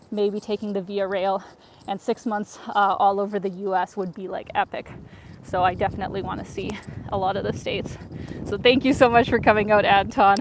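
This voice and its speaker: A woman from Ukraine hosting a walking live-stream, talking in a chatty, upbeat way at a middling pitch. She is recorded outdoors on a phone, with the street and passers-by clearly heard behind her. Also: slight background noise, rough recording. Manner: chatty and upbeat, reads viewer messages aloud. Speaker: travel vlogger. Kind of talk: live-stream walking tour with viewer chat. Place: outdoors in a winter city, on a footbridge. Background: street ambience, passers-by, accordion player.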